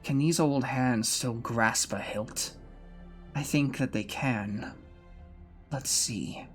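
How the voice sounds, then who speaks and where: A man voicing a weary old male swordsman who awaits death, speaking in a slow, brooding, resigned way over faint music. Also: medium pitch, natural voice. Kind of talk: fan voice reading of a game story.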